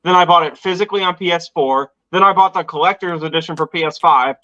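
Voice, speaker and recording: A man's voice: on the high side, quick pace, pushed and bright, lo-fi sound. A young man chatting eagerly in a casual group stream.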